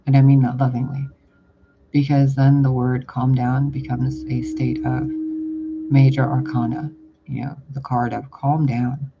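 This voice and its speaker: A man's voice: mid-range voice, flat delivery, unhurried. A man delivering a casual channeled spiritual message, rambling and blunt, with casual swearing. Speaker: spiritual reader. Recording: dull lo-fi audio with loud background noise.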